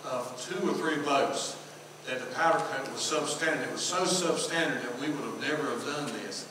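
A man's voice: medium pitch, moderate pace. A middle-aged man with a Southern US accent, a pastor telling a story in a sermon and acting out the dialogue. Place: church sanctuary. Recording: echoey hall from far off, noisy.

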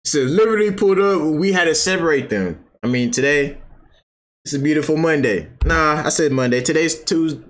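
A man's voice: on the high side, lively intonation, normal speed. A man streaming his reactions to a reality show in loose, slangy casual talk with plenty of swearing.

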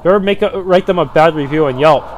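A man's voice: a little high, fast, slight background noise. A man playing through a story game, tossing off chatty, offhand asides between the dialogue. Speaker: let's play commentator.

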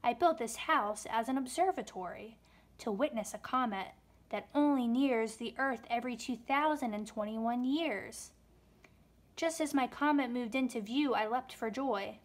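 A woman's voice: a little high, measured pace. A woman voicing a mournful young boy ghost who was once a scientist, telling his sad tale. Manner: sorrowful, lamenting.

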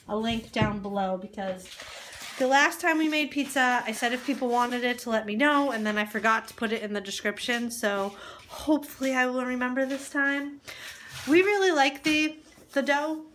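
A woman's voice: high-pitched, normal speed, a bit bright. A woman hosting a casual home vlog, chatting to viewers and her dogs in the kitchen. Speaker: vlog host. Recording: noisy home recording.

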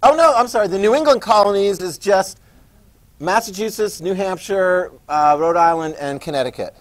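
A man's voice: high-pitched, moderate pace. A middle-aged man teaching a classroom lesson, chatty, with asides and questions to his students. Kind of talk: classroom lecture.

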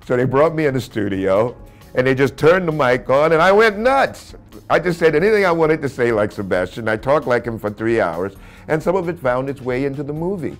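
An older actor telling stories from his career in an interview, animated, laughing often and acting out the voices he quotes. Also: mid-range voice, fairly quick, faint music behind. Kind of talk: anecdotal interview storytelling.

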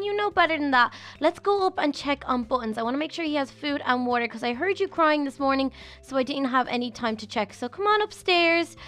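A young woman narrating a game role-play in an animated, exclaiming, motherly way. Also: sits high.

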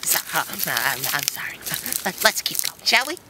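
A woman playing a crazy, hot-tempered scoutmaster who curses and swings between yelling and meekness. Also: deep voice, big pitch swings, moderate pace. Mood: sheepish. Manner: cursing, erratic swings from yelling to meek. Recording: noisy amateur home video.

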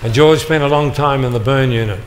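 In a mid-range voice and at a fairly quick pace, an older motivational speaker tells stories to an audience in a large hall, acting out dialogue with punchy comic timing. The live hall recording has long reverb and slight background noise.

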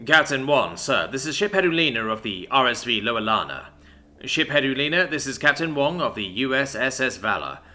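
Courteous young officer making introductions, bright forceful voice, read by a man. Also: mid-range voice, sing-song, brisk. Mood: formal. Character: male human lieutenant, polite officer.

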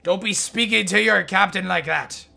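A man's voice: high voice, moderate pace, vocal fry, sharp tone, soft background music, heavily acted. A man putting on a boisterous, swaggering pirate captain voice with growled exclamations and a hammy delivery.

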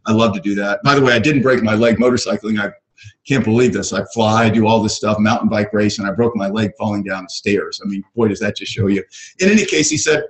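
A man's voice: on the low side, fast talker, poor audio. Enthusiastic middle-aged man coaching online. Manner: enthusiastic, rambling with fillers. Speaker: real estate coach hosting a webinar. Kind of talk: casual webinar talk. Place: ranch.

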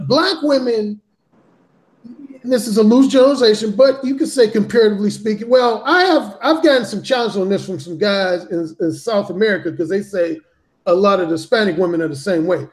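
A man telling a story as a podcast guest, speaking bluntly and profanely with heavy emphasis. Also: sits high. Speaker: podcast guest, dating author. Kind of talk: casual storytelling in a talk show.

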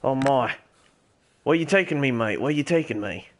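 A man's voice: medium pitch, expressive, normal speed. A young man streaming a survival game, talking in a put-on character accent that he says strains his voice, swearing and exclaiming as he plays. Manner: swears constantly, exclaims loudly. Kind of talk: role-play gameplay commentary.

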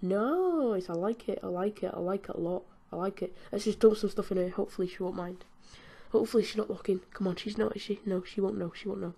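In a quick, medium-pitched voice that's both mellow and husky, a British gaming host giggles and chats through her play. She speaks to the game's characters as part of her casual commentary.

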